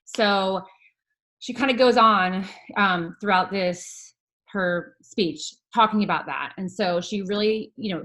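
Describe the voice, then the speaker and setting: A woman's voice: mid-range voice, fairly bright tone. A woman casually presenting a recap to her team over a video call, chatty and rambling with lots of fillers.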